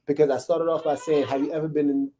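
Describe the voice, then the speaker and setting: Speaking fast in a warm, level voice that sits on the high side, this man gives a casual Bible teaching to a small live group. He keeps checking in and asking "right?", with slight background noise behind him.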